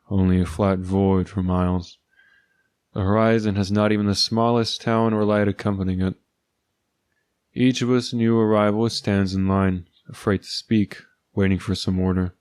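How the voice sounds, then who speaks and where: Male storyteller, lowish voice, dry sardonic first-person read, very dry room. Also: darkish tone, dry recording. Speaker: narrator.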